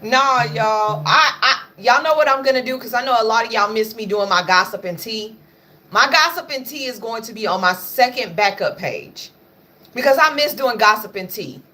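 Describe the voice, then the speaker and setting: A woman's voice: on the high side, animated, normal speed, sharp tone. Blunt, chatty woman livestreaming. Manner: blunt, profane, chatty, scolding her pets. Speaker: livestream host. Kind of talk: casual livestream chat.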